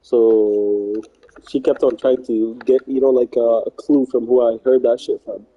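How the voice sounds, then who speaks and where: Heard through a muffled recording, a man speaks at a measured pace in a mid-range voice with little pitch movement, his tone very dark and mellow with a husky edge. He rambles slangily through a story, repeating himself and looping back to "I was like" and "she's like" while performing both parts of the conversation, like casual talk on a live stream.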